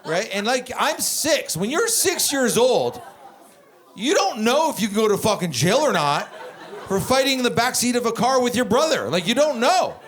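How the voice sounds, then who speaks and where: A man performing stand-up comedy in a club, telling stories in a profane, animated way and chatting with the crowd. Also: very high voice, normal speed. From Canada. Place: comedy club stage with live audience.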